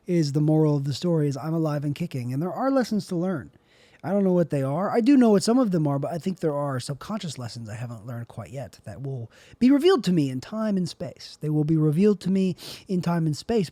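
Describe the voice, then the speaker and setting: Young male podcast host, rambling solo talk, somewhat high but mellow voice, dry sound. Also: dry recording. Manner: rambling, repeats and rewords himself.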